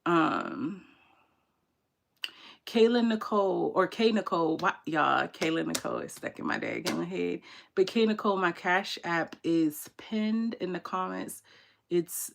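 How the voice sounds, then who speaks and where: Her voice sits on the low side and is creaky, and she speaks at a slow pace. She's a young woman hosting a casual tarot livestream on her channel, telling viewers candid stories with slang, laughter and plenty of animation.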